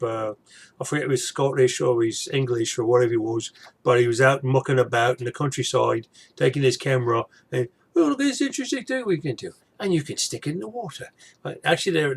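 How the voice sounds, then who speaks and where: A man's voice: mid-range voice, vocal fry. A man vlogging in a casual chat, rambling with frequent restarts and asides.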